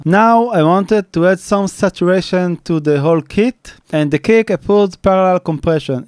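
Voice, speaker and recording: With faint drum playback behind him in the studio, a male mixing engineer plainly guides listeners through a tutorial one step at a time, often restarting and adding fillers. His fairly high voice has a darkish, clean tone and no echo.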